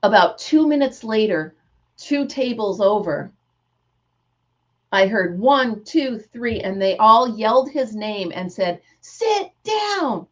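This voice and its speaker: A woman's voice: mid-range voice, slow pace, muffled recording. A middle-aged woman hosting a casual craft livestream, telling stories with animation and greeting viewers by name. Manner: animated storyteller, reads out viewer names. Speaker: livestream host.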